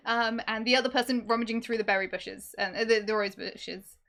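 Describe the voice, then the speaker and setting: A woman's voice: a little high, flat delivery, brisk, creaky, fairly bright tone. A woman running a tabletop game on a live stream, narrating casually with many ums. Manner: rambling, many ums, chatty. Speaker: game master.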